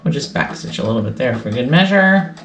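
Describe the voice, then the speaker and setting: Over music, a woman with a very deep, expressive voice talks fairly quickly while hosting a casual sew-along for her sewing channel. She chats and thinks aloud at the sewing machine, in a recording with roomy echo and faint noise.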